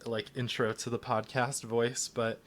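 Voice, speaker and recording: A man's voice: medium pitch, level tone, unhurried, a bit bright. A man hosting a podcast interview in an easy, encouraging way, laughing often. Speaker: podcast host. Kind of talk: casual interview chat.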